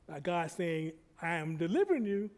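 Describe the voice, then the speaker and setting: A man preaches a sermon in a high, ringing voice. He repeats key phrases again and again. His loudness swells and drops as he drives each point home. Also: sing-song, normal speed. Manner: repetitive, rising and falling in loudness.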